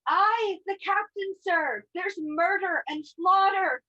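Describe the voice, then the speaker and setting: A woman acting an excitable, breathless young maidservant in a live online play. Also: slow pace, heavily acted. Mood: frantic. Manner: breathless, excitable, shrill alarm. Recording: dull lo-fi video call audio.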